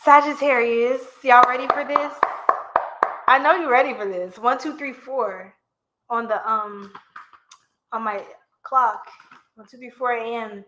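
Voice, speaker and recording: A woman's voice: on the high side, a little slow, long pauses, noisy background. A young woman reading tarot on a live stream, chatting playfully with viewers and a little short of breath. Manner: playful, chatty, singing bits of songs. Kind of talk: casual live-stream chat.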